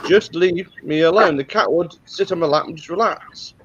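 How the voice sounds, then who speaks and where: A man, a guest chatting casually and telling slow, laid-back stories between short agreeing replies. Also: fairly high pitch, fairly bright tone, dull audio, a little hiss or hum. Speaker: guest on the show. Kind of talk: casual chat.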